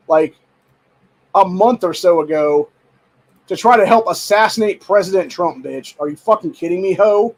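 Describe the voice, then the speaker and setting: A man's voice: high voice, moderate pace, a little mellow, poor audio. A man hosting a show, ranting angrily in heated, profane, rambling commentary full of fillers. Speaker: show host. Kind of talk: angry political commentary rant.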